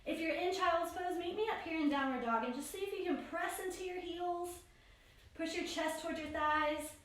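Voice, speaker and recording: A woman leads a yoga class with a bright, high voice, calling out each pose and breath in a steady rhythm. She sits well back from the microphone. Her voice rings through a strongly echoing room. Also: normal speed. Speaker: yoga instructor. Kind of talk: guided yoga class instruction. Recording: very echoey room, voice far from mic.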